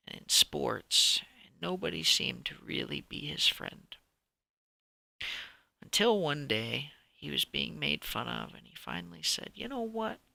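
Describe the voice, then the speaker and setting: Brief: male storyteller, lively ups and downs, dry close sound. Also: medium pitch, creaky, no room sound. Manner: animated, drops to whispers, restarts sentences. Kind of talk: improvised bedtime story reading.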